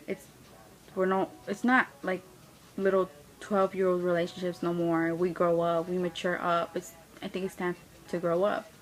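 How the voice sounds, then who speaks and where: A woman's voice: on the low side, poor audio. A young woman telling a blunt, profane, slang-heavy story of being played by a boyfriend. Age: young adult. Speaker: vlogger. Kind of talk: casual storytelling rant.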